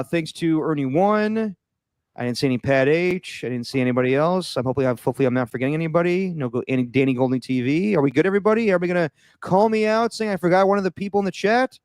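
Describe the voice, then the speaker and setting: Brief: male podcast host, slightly high, smooth, close and dry. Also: dry recording. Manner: upbeat, quick run-through of thank-yous. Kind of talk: casual chat, sign-off.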